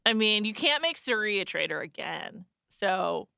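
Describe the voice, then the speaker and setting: A young adult woman co-hosting a casual podcast, giving lively opinions in a chatty way. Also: medium pitch, normal speed, vocal fry, dry recording, clean studio sound. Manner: lively, opinionated, frequent "like" and restarts. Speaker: podcast co-host. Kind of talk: casual chat.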